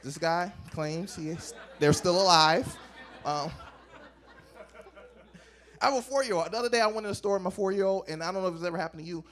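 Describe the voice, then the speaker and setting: A man in his thirties doing a stand-up comedy set on a club stage, animated and acting out bits with big swings in pitch. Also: a little fast, long pauses, a faint crowd.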